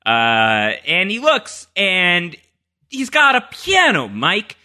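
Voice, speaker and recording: Lively, bright-voiced male podcast host. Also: high-pitched, slow pace. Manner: rambling, full of fillers and restarts. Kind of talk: casual podcast chat.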